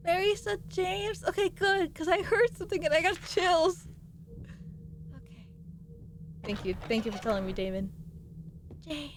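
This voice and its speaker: A woman's voice: extremely high pitch, expressive, unhurried, long pauses, background noise. A young woman streaming a game, chatting and giggling with her viewers as she plays. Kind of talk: casual live game-stream chat.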